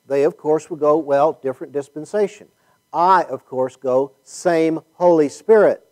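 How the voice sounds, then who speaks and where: Man, Bible teacher, conversational, thinking out loud, quizzing the class, somewhat high voice. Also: rough recording.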